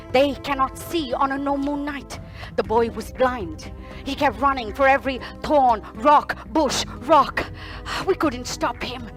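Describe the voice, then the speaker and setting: A woman's voice: sits high, close to an everyday voice. A woman playing a bumbling, blustering hunter, speaking Indian English in a fussy, rambling, repetitive way. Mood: grim. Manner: fussy, rambling, repeats herself. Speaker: solo stage performer. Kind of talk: one-woman stage play.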